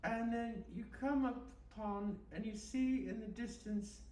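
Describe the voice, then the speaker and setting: Woman, deadpan, rambling, absurdist guided meditation, live event, distant mic, roomy echo. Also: fairly high pitch, slow. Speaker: guest performer. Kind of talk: comic improvised guided meditation and chat. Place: live event in a bookstore space. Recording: roomy and distant, faint background noise.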